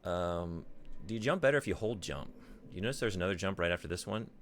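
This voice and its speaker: A man's voice: sits low, animated, fast, a little hiss or hum. A male streamer chatting casually while playing a game, rambling and swearing as he thinks aloud.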